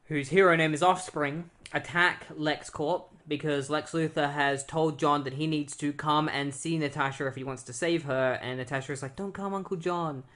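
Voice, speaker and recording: A man's voice: fairly high pitch, little pitch movement, a bit bright. Easygoing man casually recapping comics. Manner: loose, filler-heavy retelling with lots of "like"; slips into quick quoted voices of characters. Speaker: podcast co-host.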